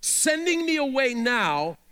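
A distraught young princess pleads in a raised, high voice that climbs and falls sharply, as a male preacher reads her lines. The delivery is emotional and earnest. It is lightly voiced rather than a full character performance. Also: big pitch swings, takes it slowly, sharp tone, smooth, exaggerated voice. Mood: pleading.

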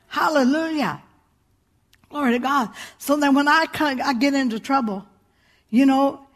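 Middle-aged woman pastor, high voice, emphatic humorous sermon delivery. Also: big-room sound. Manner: exclaims hallelujah often, emphatic and humorous.

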